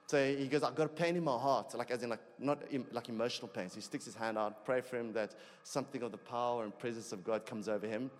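A man preaching a sermon in a conversational way, growing animated as he tells a personal story. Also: medium pitch, fast, few pauses. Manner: conversational, animated when telling stories. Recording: long hall reverb.

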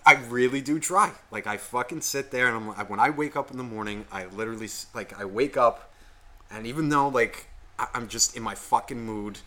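A man's voice: medium pitch, fairly quick. A man co-hosting a podcast, telling rambling stories in casual chat and swearing constantly. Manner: animated, heavy swearing, rambling storytelling. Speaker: podcast co-host.

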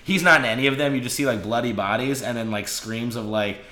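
A man's voice: mid-range voice, quick pace, pushed and bright, roomy sound. A man co-hosting a casual podcast, enthusiastically describing comic panels and quoting characters with lots of "like". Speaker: podcast co-host. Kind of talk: casual comic book chat.

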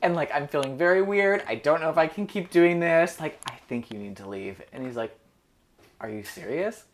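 A man's voice: on the high side, normal speed. A young man chatting casually, telling a story full of "like" and acted-out quotes. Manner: animated storyteller, heavy filler "like", acts out quotes. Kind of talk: casual chat.

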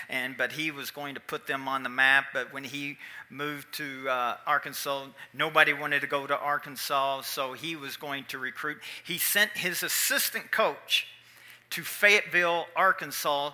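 Folksy preacher, high bright voice. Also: male voice. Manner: folksy, chatty, with audience asides. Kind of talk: sermon storytelling.

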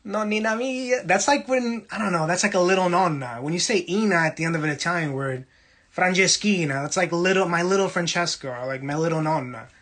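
Husky young New man chatting live. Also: fairly high pitch, a bit bright. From Brooklyn, New York. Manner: playful, teasing, quick asides to chat. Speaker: livestream host reading chat. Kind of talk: casual livestream chat.

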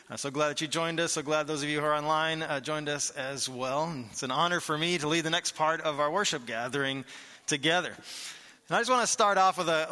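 A man preaching a sermon to his church in a conversational, animated way, asking the congregation rhetorical questions. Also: fairly high pitch, long reverb tail. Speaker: pastor. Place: church sanctuary.

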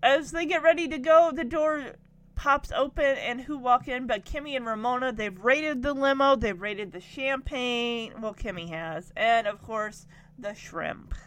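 A woman's voice: high voice, a little slow, a bit bright. A woman giving a chatty, giggly recap of a TV episode, quoting the characters as she goes. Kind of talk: casual recap commentary.

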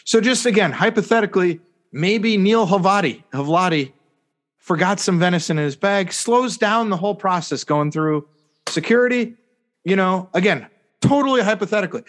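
Guy on a sports podcast, kinda high voice, rambly and sarcastic, lots of um and you know. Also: lively intonation, moderate pace. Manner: rambling, sarcastic, repeats "hypothetically" with mock emphasis. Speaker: podcast co-host. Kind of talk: casual sports chat.

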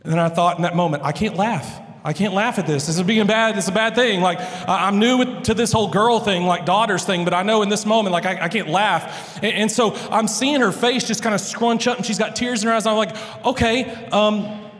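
A man's voice: sits high, brisk, fairly bright tone. A man in his thirties, a pastor, telling family stories in a chatty, rambling way with many restarts. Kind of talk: casual storytelling sermon. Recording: long reverb of a large hall.

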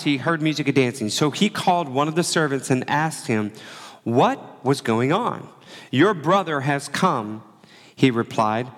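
Conversational preacher in a reverberant hall. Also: male voice, medium pitch. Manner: conversational preaching, acts out quoted lines. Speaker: pastor. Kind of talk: sermon.

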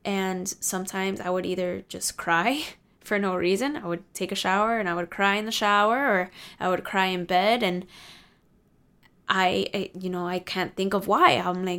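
A woman's voice: mid-range voice, moderate pace, fairly bright tone, clean tone. A young adult woman vlogger giving casual, candid life advice to her viewers, confiding and swearing freely.

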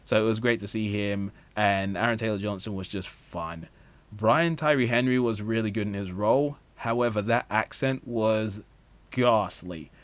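A man with a somewhat low voice talks through a film review in a relaxed, chatty way. He is opinionated and easygoing, and he leans on casual fillers as he goes. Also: normal speed. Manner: chatty and opinionated, with frequent "like, you know" fillers. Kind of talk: casual movie review monologue.

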